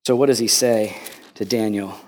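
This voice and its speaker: A man preaching a sermon as pastor, swinging from loud emphasis to hushed tones and repeating words when he presses a point. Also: lowish voice, steady tone, moderate pace.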